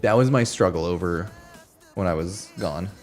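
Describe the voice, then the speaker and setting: A man streaming a game, chatting casually in an animated, ranting way with frequent exclamations. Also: low-pitched, normal speed, soft background music. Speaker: gaming streamer. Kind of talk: casual chat.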